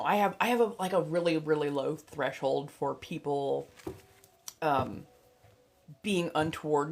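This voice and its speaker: A young adult woman hosting a casual livestream, chatty and blunt, swearing freely and dotting her talk with fillers and laughs. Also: low voice. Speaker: livestream host and tarot reader.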